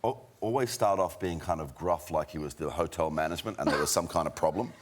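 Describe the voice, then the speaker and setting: A man's voice: a bass voice, fast. A middle-aged man telling an amused anecdote as a guest on a chat show, laughing through it. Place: TV studio with a live audience. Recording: loud audience and studio noise.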